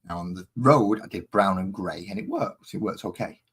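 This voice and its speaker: Deep husky guy rambling while he paints minis, easily sidetracked. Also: moderate pace, a bit bright. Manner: rambling, easily distracted, chatty. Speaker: hobby painting streamer. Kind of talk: casual live-stream chat while painting.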